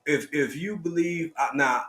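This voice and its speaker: Middle-aged man, livestream host, slightly high voice, earnest and preacherly. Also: unhurried, a bit bright. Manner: heartfelt, preacherly, calls listeners baby and family. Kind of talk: casual live stream chat.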